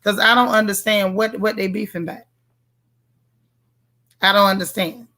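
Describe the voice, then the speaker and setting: Sassy bright-voiced woman livestreamer. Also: medium pitch, fairly even intonation, normal speed. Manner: sassy, playful, talks straight to her audience. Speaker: livestream host reviewing a TV show. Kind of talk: casual livestream chat, reading viewer comments.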